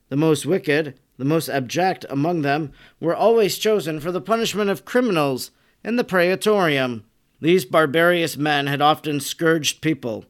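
A man narrating a religious text as an audiobook in a solemn, measured way. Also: a little high.

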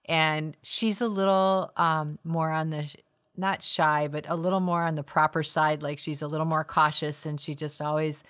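A woman's voice: low voice, fairly even intonation, moderate pace, a bit bright. A middle-aged woman co-hosting a podcast, talking in a reflective, casual way and laughing often. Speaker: podcast co-host. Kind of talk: casual conversation.

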